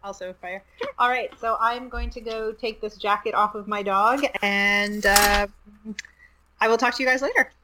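A woman's voice: medium pitch, steady tone, normal speed, heavy background noise. A woman from Canada, a guest on a casual podcast call, chatting with frequent ums and uhs. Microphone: remote call.

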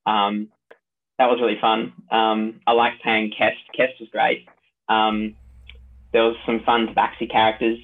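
A man's voice: on the low side, monotone, unhurried, creaky, a little hiss or hum. A tired man chatting casually as a dungeon master, rambling with lots of fillers and restarts. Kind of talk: casual podcast chat. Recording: tinny phone-like line.

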